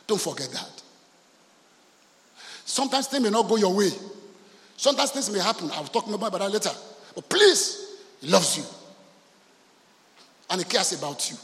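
A man preaching a sermon as pastor, telling stories and acting out the voices in them, swinging from soft, hushed lines to loud shouts. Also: high-pitched, expressive, normal speed, pauses often. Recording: long hall reverb.

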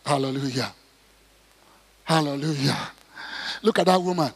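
Male pastor, middle-aged, gravelly and husky, dramatic preaching in a reverberant hall. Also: a little high, lively intonation, normal speed. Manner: dramatic preaching, acting out prayers and stories, rising to shouts. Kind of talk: sermon.

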